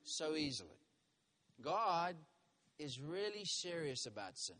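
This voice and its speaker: A man preaching a sermon as a minister, reading scripture slowly and telling a story that grows loud and heated as he gets worked up. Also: on the high side. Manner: animated storytelling, voice rising sharply when worked up; reads scripture slowly and deliberately.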